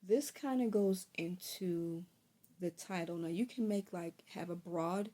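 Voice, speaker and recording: A young woman vlogger talking casually to camera, giving tips in a chatty, relaxed way with frequent ums. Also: fairly low pitch, unhurried.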